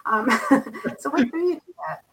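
Woman interviewer, bright voice, kinda far from the mic, lots of um and and. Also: high voice, animated, a little slow. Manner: reads viewer questions, hesitant fillers. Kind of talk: interview questions.

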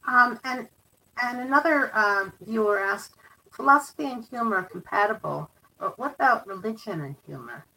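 A woman's voice: a little high, expressive, normal speed, vocal fry, pushed and bright, recorded from a distance, rough recording. A woman interviewing a guest, reading viewer questions aloud with hesitant fillers.

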